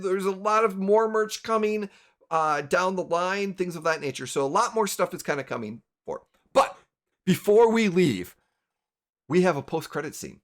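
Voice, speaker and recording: A man who hosts and narrates a tabletop game stream, talking with lots of fillers and plugs. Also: on the high side. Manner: animated, promotional, rambling fillers. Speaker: game master and host.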